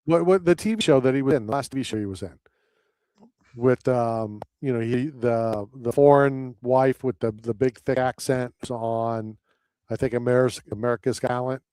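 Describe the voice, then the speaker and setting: A man's voice: medium pitch, normal speed, a little mellow, clear, resonant tone, dry recording. A man hosting a talk radio show, telling rambling stories in casual chat. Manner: rambling storyteller, acts out voices in anecdotes.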